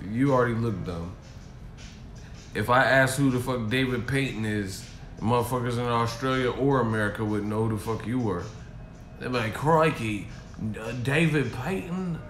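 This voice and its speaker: A man's voice: on the low side, slight background noise. A man ranting on a stream in a profane, mocking way from a hotel room. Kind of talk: casual rant. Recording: echoey room.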